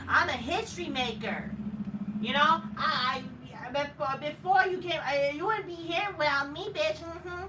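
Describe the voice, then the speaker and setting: A man's voice: very high-pitched, a little slow, background noise, pitched above the performer's own voice. A man doing an exaggerated, mocking impression of a brash, boastful woman wrestler in a sassy drawl. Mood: taunting. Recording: roomy echo, distant mic.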